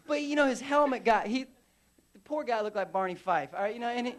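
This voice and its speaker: A veteran man giving a live storytelling speech at a conference, animated and acting out scenes with sound effects. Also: very high voice, quick pace. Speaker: veteran speaker. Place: conference stage.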